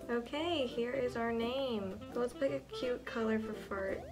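A woman in her twenties commenting on a game as she plays, excitable, gasping and swearing often. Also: a little high, measured pace. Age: 20s. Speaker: gamer. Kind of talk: let's play commentary. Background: game music.

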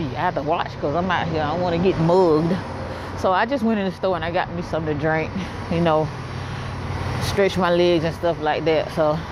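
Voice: mid-range voice, background noise. A vlogger, rambling casually straight to the viewers through a handheld phone camera. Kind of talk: casual vlog talk to viewers.

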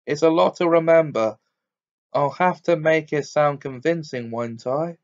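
A man's voice: on the high side, measured pace, dull audio, voice pushed up. A man reading aloud and voicing a teenage boy who answers back bitterly and coldly. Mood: defiant. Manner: bitter, cold, grimly defiant. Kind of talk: audiobook character reading.

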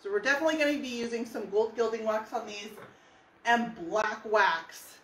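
A woman's voice: on the high side, very fast, fairly bright tone, far from the mic. A woman from California, teaching furniture painting live, explaining each step in a chatty, friendly way. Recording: echoey room.

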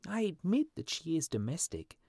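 A man voicing a small, restless male swallow in a high, chirpy voice. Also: wildly swooping pitch, normal speed, mellow, dry recording, clean studio sound, exaggerated voice. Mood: complaining.

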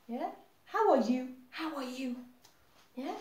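A woman teaching English to young children, leading songs and simple questions in a slow, cheerful teacher voice. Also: high voice, lively intonation, darkish tone, reverberant. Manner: slow, cheerful teacher talk, switching to song and whispers.

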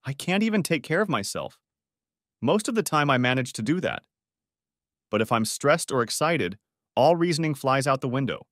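A man's voice: medium pitch, big pitch swings, moderate pace, a bit bright, no echo, studio quality, pitched above the performer's own voice. A man voicing a betrayed husband who speaks in a weary, bitter and self-mocking way in an audiobook. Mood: bitter recounting. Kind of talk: audiobook character voice.

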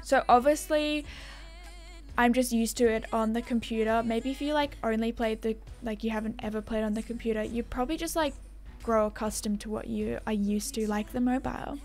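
A woman's voice: fairly high pitch, fairly quick, darkish tone, faint music behind. A young Australian woman chatting casually as a gaming YouTuber, rambling and self-deprecating as she answers viewer comments.

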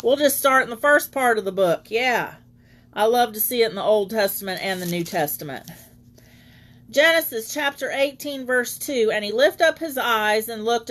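A woman's voice: a little high, a bit bright. A woman leading an online Bible teaching as preacher, reading scripture aloud and greeting viewers by name.

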